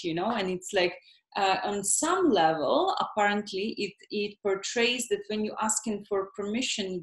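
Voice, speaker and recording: A woman host speaks slowly and hesitantly, circling her point with frequent fillers. Her voice sits in a middle register. The room around her sounds echoey. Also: medium pitch. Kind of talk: casual conversation. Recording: roomy echo.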